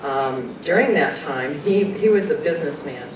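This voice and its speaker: A woman's voice: lively intonation, normal speed. A woman giving a talk and telling a personal story in an earnest, conversational way, sometimes emotional. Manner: earnest, conversational, often laughs and quotes people. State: emotional, choking up at times. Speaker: guest speaker sharing personal experiences. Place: meeting room at a talk. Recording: far-off echoey room with rumble.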